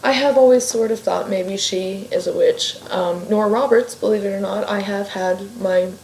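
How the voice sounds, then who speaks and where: A woman's voice: mid-range voice, moderate pace, vocal fry, a little mellow. A woman from Ohio, a fiction writer, talking casually in a rambling, sidetracked way and swearing freely. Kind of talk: casual vlog chat. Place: home room. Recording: echoey room with faint ambient noise.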